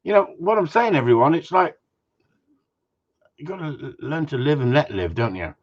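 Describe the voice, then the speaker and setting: A man's voice: on the high side, animated, normal speed, highs cut off. A man who trains dogs, hosting a live Q&A and answering viewers' comments in a blunt, jokey way, swearing freely as he goes.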